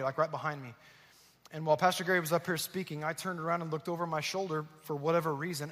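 In a big church auditorium with long, echoing reverb, a male pastor preaches through a story. He acts out the quoted voices of the people in it, growing more intense as he goes, and his voice sits a little high with a slightly bright tone.

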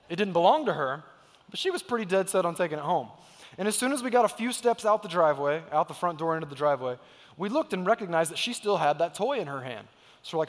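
A man's voice: high-pitched, lively intonation, fast, a bit bright, big-room sound. A man in his thirties preaching a sermon in a church sanctuary, telling stories emphatically and acting out the quotes. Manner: emphatic storytelling, acts out quotes. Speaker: pastor.

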